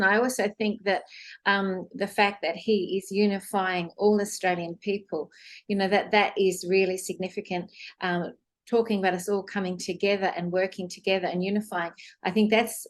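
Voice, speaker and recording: A woman speaks gently and hesitantly, pausing with "um" and restarting her sentences. Her voice sits at an average pitch for a woman, and she sounds casual and conversational. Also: fairly even intonation. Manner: soft-spoken, hesitant, with fillers.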